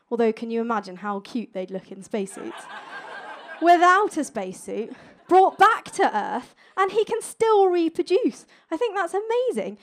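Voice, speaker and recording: A young woman with a high voice works a live crowd in a stand-up set. She is cheeky and playful, quick to land a joke. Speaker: stand-up science comedian. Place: stage before a live audience.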